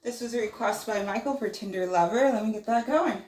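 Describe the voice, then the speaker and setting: A woman's voice: medium pitch, brisk, a little mellow. A woman hosting a casual livestream, reading viewer messages aloud and musing on them. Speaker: livestream host. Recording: roomy echo.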